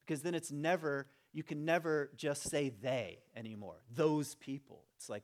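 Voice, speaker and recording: A man's voice: on the high side, normal speed. A middle-aged man from the United States, a church teacher telling a candid, self-deprecating personal story to a congregation, with many restarts and fillers.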